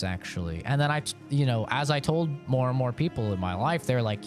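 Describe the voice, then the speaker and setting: A man's voice: medium pitch, expressive, a little fast, faint music behind. Frank, rambling young male streamer. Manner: rambling, frank, swears freely, laughs often. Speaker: gaming streamer. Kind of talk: casual live-stream chat.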